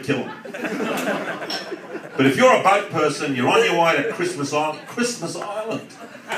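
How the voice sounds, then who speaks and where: A man's voice: mid-range voice, very noisy. An Australian man doing live stand-up comedy, crude and insulting as he works over the audience in a pub. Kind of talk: live stand-up with crowd work. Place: pub function room in front of a live audience. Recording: roomy live pub gig, mic heard from a distance, loud crowd laughter.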